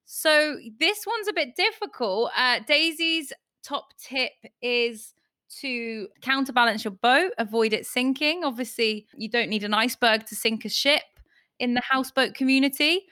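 A woman's voice: high-pitched, moderate pace, pushed and bright, no room sound, studio quality. A woman hosting a casual podcast and judging her friends' tips, chatty and giggly as she tells stories. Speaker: host and judge.

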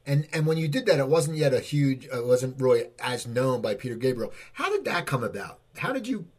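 A man's voice: medium pitch, very animated, brisk, darkish tone, husky. A man hosting a radio interview, asking easygoing, conversational questions. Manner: easygoing, prompting.

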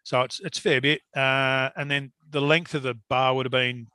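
A man telling a long story in casual chat, animated and swearing freely. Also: mid-range voice, normal speed, no echo.

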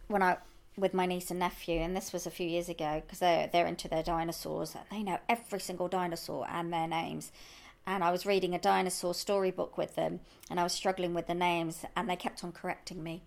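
A woman co-hosting a local podcast in casual chat, bubbly and animated, laughing often. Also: fairly low pitch, brisk, gravelly. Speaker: podcast co-host.

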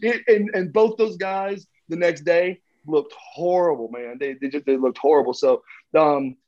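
A man telling long, rambling anecdotes as a guest, halting with many fillers and restarts. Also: on the high side, a little mellow, muffled recording.

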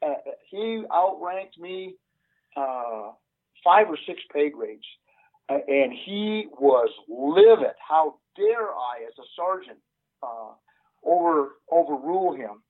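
A man's voice: fairly high pitch, big pitch swings, takes it slowly. Older man telling a story down a phone line. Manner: earnest, detailed storytelling. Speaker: retired police sergeant. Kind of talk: recounting a story in an interview.

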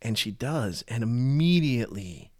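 A man's voice: medium pitch, animated, measured pace, darkish tone. A man giving a casual, earnest Bible teaching, talking conversationally and often repeating and restarting his phrases.

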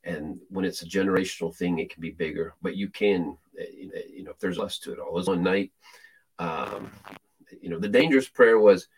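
A man casually telling a spiritual testimony, animated, acting out quotes with frequent restarts. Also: low-pitched, a little fast, husky, poor audio.

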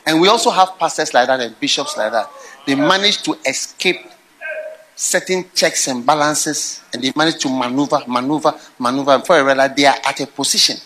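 A man preaching a sermon, telling stories and swinging between quiet musing and loud exclaiming. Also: a little high, expressive, fairly quick, a little hiss or hum, low-quality recording. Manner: storytelling with acted quotes.

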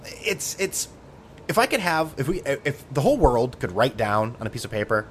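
A man in the middle of a casual podcast monologue, sardonic and freely profane. His pitch rides up and down with lively swings, and his voice sits in an ordinary middle register. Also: a little fast, slight background noise. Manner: sardonic, profane, tangent-prone. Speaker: podcast host.

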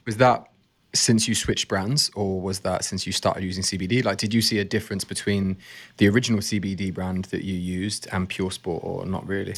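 A man's voice: low-pitched, little pitch movement, fairly quick. A man hosting a casual podcast, chatty and self-mocking as he tells anecdotes. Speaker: podcast host.

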